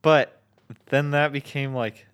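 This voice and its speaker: A man in casual chat who retells a shared memory in an unhurried way and laughs often as he talks. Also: medium pitch, little pitch movement, fairly bright tone, smooth.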